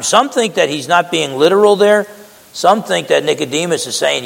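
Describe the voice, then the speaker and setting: A man's voice: a little high, expressive, normal speed, creaky, big-room sound, poor audio. A man preaching a sermon in a conversational way, acting out quotes and often restarting his words.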